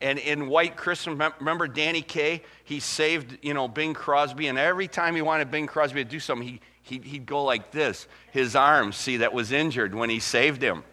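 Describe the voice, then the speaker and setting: A middle-aged man preaching a sermon as pastor, telling folksy stories and slowing down to quote scripture. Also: fairly high pitch, sharp tone.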